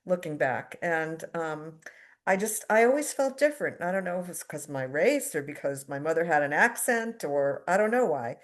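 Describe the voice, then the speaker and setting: A woman's voice: deep voice, expressive, normal speed. A middle-aged woman from the United States giving a candid, self-deprecating personal recovery share at a twelve-step meeting, with fillers and wry asides.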